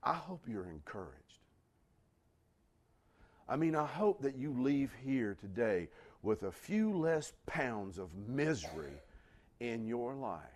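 A man preaching a sermon as pastor, animated and asking his congregation questions. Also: medium pitch, slow pace, long pauses. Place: church.

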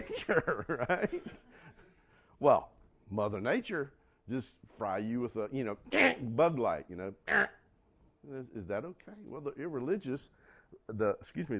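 A man preaching a sermon, acting out dialogue and putting questions to the congregation, swinging from loud outbursts to quiet asides. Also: medium pitch. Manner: acts out quoted dialogue, asks the congregation questions. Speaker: pastor.

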